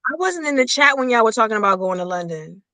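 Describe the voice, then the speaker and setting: An American woman talking in a casual group chat, telling stories in a relaxed way. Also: a little high, fast talker, dry recording.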